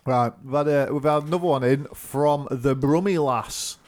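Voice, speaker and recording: A man's voice: fairly high pitch, normal speed, a little mellow. A man, co-hosting a podcast, moving the chat along with wry remarks. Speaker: podcast co-host. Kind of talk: casual banter.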